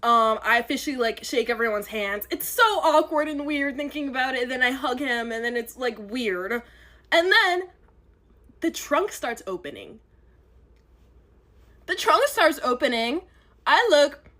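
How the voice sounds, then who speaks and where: A young woman telling a first-date story in an animated, dramatic storytime monologue. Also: high voice, a little slow. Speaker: storyteller in a clip.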